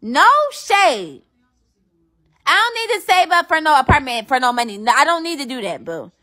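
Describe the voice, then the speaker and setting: A young woman talking to her livestream viewers with a high, bright voice that swings widely up and down. She trash-talks brashly and swears freely. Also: sing-song, normal speed. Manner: brash, profane trash talk. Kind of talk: casual livestream chat with viewers.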